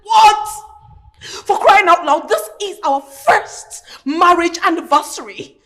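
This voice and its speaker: An actress playing a young wife, speaking with a Nigerian accent and crying out reproaches in a film drama. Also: female voice, very high voice, animated, takes it slowly, full character voice. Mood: furious. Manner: emotional, shouting reproaches. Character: young wife, hurt and indignant.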